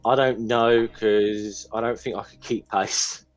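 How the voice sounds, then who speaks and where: A man's voice: on the low side, steady tone, takes it slowly. A man in casual group chat on a voice call, hesitant and often repeating words.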